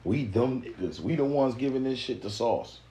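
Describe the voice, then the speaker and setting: A man from the Mississippi Delta, giving a profane, animated live-stream lecture to his viewers. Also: mid-range voice, normal speed, rough recording. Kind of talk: casual live-stream monologue.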